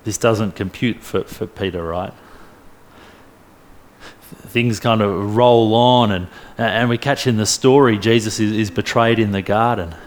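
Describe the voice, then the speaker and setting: A man preaching a sermon, retelling a story in a lively way with humorous asides. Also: on the low side, measured pace.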